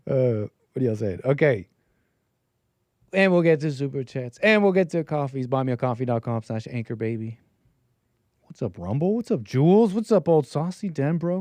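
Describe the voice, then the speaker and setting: A man's voice: medium pitch, darkish tone, no echo. A man hosting a live-stream call-in show, talking in a rambling, joking, loose way. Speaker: host.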